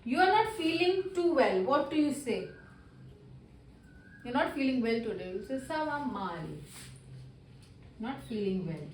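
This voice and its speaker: A high-voiced woman teaches beginner French, checking worksheet answers one by one and repeating each for her pupils. Her English phrasing is a little non-native. The room is roomy and echoey, with faint background hum. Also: lively intonation, normal speed, long pauses, recorded from a distance. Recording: roomy echo, voice a little off-mic.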